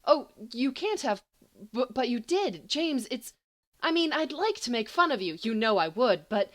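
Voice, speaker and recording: A woman voicing a sharp-tongued, imperious young woman who turns frantic and flustered, in an amateur audiobook reading. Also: high voice, animated, unhurried, pitched above the performer's own voice. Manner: frantic, teasing threats.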